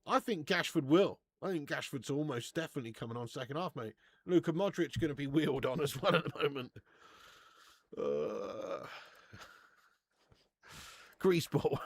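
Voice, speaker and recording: A man's voice: fairly high pitch, very animated, a little slow, long pauses, dry recording. A man hosting a live football watch-along, reading out viewer messages and bantering with plenty of swearing and laughter. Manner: reads out viewer super chats.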